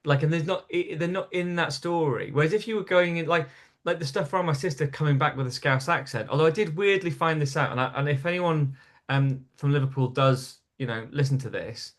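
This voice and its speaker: A man with a Geordie accent, a comedian guest telling stories in lively casual chat and laughing at his own tales. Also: on the high side, fairly quick. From North East England.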